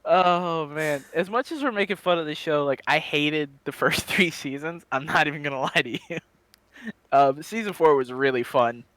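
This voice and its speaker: A man's voice: fairly high pitch, moderate pace, fairly bright tone, no echo. A young man co-hosting a podcast in casual chat, constantly laughing as he riffs on absurd jokes. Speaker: podcast co-host.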